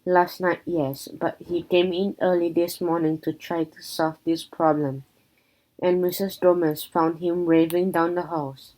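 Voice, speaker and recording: A calm school principal from a children's book speaks with measured authority, as a woman reads her. The voice sits low and moves slowly. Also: close to an everyday voice, rough recording. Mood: firm.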